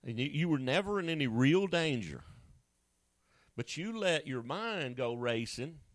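Male pastor, lively swooping delivery, dry booming close-up sound, jokey asides. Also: unhurried, no echo. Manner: animated, acts out voices with sudden high pitch jumps; conversational and joking, with asides to a co-host. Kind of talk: sermon.

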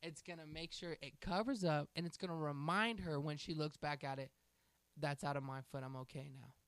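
A man's voice: on the high side, fairly even intonation, normal speed, fairly bright tone, clear, resonant tone, no echo. A man hosting a faith talk, telling a family story in an earnest, preaching way. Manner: earnest storytelling, acts out quoted voices.

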